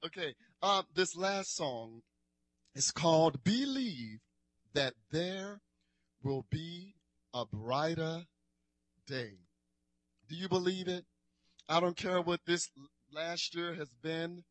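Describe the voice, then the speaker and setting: A man from New Orleans leads a worship concert, playfully bantering with the crowd between songs and urging them on like a preacher. His fairly high, slightly bright voice is expressive and slow, pausing often, with no echo.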